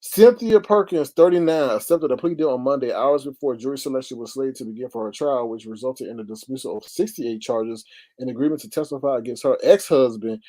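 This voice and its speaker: A man's voice: mid-range voice, fairly quick, warm tone. A man hosting a casual livestream, exclaiming, sighing and greeting his chat viewers. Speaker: livestream host.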